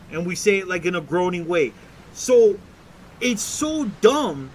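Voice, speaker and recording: High-voiced man ranting casually. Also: a little hiss or hum. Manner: profane, rambling, restarts and mocking quotes. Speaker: streamer.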